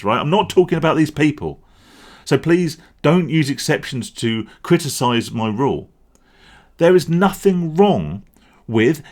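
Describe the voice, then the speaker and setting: A man with a fairly high voice, delivering a blunt, emphatic vlog rant. He swears freely and drives each point home with force. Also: darkish tone. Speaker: vlogger. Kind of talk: ranting vlog monologue.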